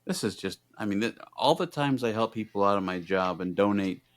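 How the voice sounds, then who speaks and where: A man's voice: fairly low pitch, a little fast. A middle-aged man co-hosting a podcast, telling a story in casual chat and acting out both sides of the conversations. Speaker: podcast co-host.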